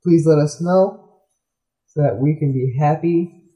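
A man's voice: on the high side, unhurried, dark tone. A man hosting a kids' radio show, chatting loosely and rambling, with frequent "like"s. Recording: roomy echo.

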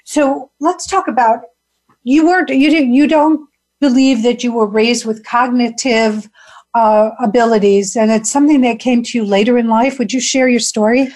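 A woman hosting an interview in an easy, chatty way, her voice sitting a little high. She laughs easily as she talks with her guest. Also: fairly even intonation, moderate pace, a little mellow. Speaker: podcast host. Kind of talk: casual interview chat.

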